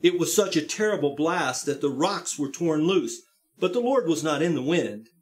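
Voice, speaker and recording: Man, pastor, high-pitched voice, sermon, scripture reading, earnest prayer, church service. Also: expressive, moderate pace. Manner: reads scripture aloud, voicing speakers with rising emphasis; prayer in a soft, lower earnest voice. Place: church sanctuary, live-streamed service.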